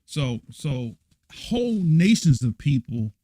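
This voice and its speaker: A man's voice: fairly high pitch, very animated, slow pace, dark tone, no room sound. Blunt, emphatic man giving a dry lesson. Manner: emphatic and blunt, repeats himself and keeps asking "right?". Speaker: church elder teaching a lesson. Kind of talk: livestreamed scripture lesson, answering viewer comments.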